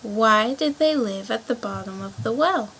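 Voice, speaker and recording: A woman's voice: animated, moderate pace, fairly bright tone, a little hiss or hum, poor audio. A woman voicing a curious, polite young girl who asks eager questions in a raised, earnest voice. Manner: earnest, high-pitched questioning.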